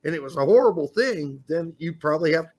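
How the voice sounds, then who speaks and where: A man co-hosting a casual sports talk show, joking and animated as he talks. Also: on the high side, quick pace. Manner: lively, joking, animated delivery. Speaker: podcast co-host.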